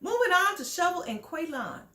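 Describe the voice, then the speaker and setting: A woman with a very high, lively voice delivers a scolding commentary monologue. She talks straight at the people she judges and sounds sassy and blunt. The voice sits in an echoey room. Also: moderate pace. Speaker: reality TV commentator.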